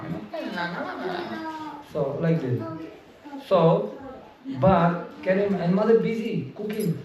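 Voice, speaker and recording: A man with giving an animated devotional class, acting out voices as he tells stories and laughing often. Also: high voice, highs cut off. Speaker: visiting speaker. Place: home gathering room. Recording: echoey room, mic far off, audience around.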